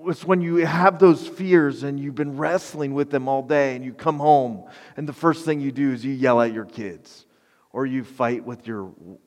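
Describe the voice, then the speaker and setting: Man preaching a sermon in a reverberant hall. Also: mid-range voice. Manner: conversational, emphatic, self-deprecating. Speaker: pastor.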